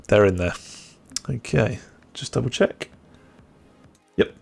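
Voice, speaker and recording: A man's voice: lowish voice, slow pace, gravelly, long pauses, darkish tone, husky, faint music behind. A man streaming a game live, chatting casually and muttering jokes to himself.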